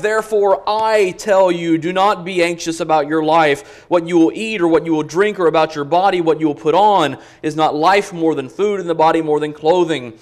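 Delivering an expository sermon, this high-voiced man reads scripture in an earnest, emphatic manner. The quoted passages get a slower delivery.

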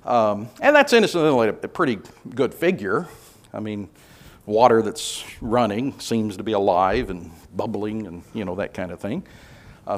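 Man teaching a relaxed Bible class. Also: medium pitch. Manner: relaxed, hesitant, with many filler sounds; asks the group questions and reads scripture aloud.

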